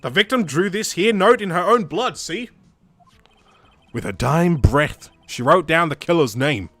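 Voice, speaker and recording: A man voicing a loud, gruff male police detective from a game, with an attempted bogan twang. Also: on the high side, lively intonation, moderate pace, dry recording, faint music behind. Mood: blustering. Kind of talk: reading game dialogue aloud.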